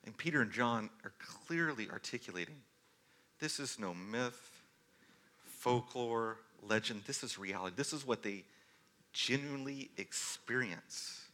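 A man in his thirties preaching a sermon as pastor, telling stories earnestly and moving between forceful and hushed delivery. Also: medium pitch, expressive, unhurried. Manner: earnest storytelling, varies loudness from forceful to hushed.

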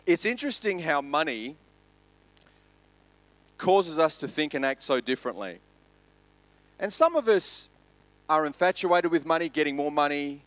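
An Australian man, a pastor, giving a sermon in a relaxed storytelling way. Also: fairly high pitch, moderate pace, pauses often, no echo, poor audio. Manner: conversational storytelling preacher.

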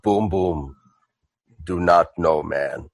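A man's voice: sits low, very slow, no room sound, voice pushed down, full character voice. A man voicing a simple-spoken hulking male warrior who talks about himself in the third person in broken speech. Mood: solemn.

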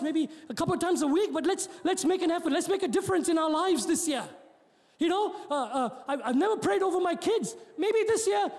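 High-voiced preaching pastor, man. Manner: preaching with joking asides, rising to shouts; repeats and restarts words. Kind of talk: sermon. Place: church hall. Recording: long hall reverb.

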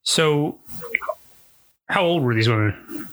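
A man in a casual chat, calmly asking probing questions. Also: a little high, takes it slowly, rough recording. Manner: calm, asks probing questions. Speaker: interviewer.

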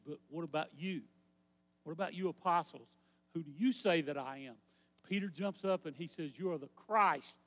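A man's voice: high voice, fairly bright tone, in a large hall. A man preaching a sermon as pastor, teaching his congregation and having them repeat words after him. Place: church sanctuary.

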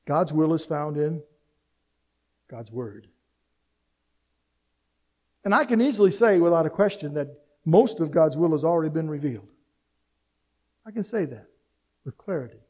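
Middle-aged male pastor with a high voice, preaching with energy and humor. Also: normal speed, long pauses, dull audio. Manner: animated preaching with rhetorical questions and humor. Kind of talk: sermon.

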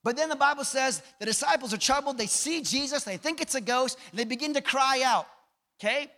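A man's voice: extremely high pitch, fairly quick, pushed and bright. A man preaching a sermon in a conversational way, often asking the audience questions. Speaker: pastor. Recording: echoey hall.

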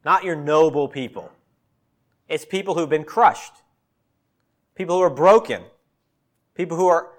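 A man's voice: a little high, fairly bright tone. A man preaching a sermon in a conversational way, acting out quotes with a sarcastic tone. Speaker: pastor.

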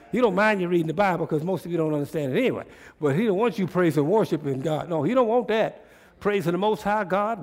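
A man preaching a sermon as pastor in front of his church congregation, folksy and conversational, often asking the listeners rhetorical questions. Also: sits high.

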